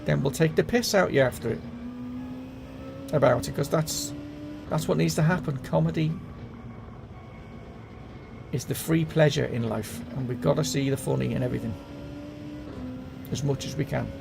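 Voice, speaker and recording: A man's voice: mid-range voice, moderate pace, creaky, pauses often, music in the background. A man hosting a casual live gaming stream, chatting and rambling with his viewers in a bantering way. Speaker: gaming livestream host.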